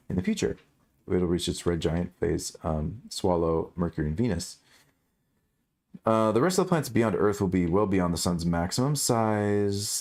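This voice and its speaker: Brief: a male streamer, deep and gravelly, animated delivery, reads headlines and riffs with casual jokes. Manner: rambling, self-correcting, jokey. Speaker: streamer reading news. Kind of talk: casual livestream news commentary.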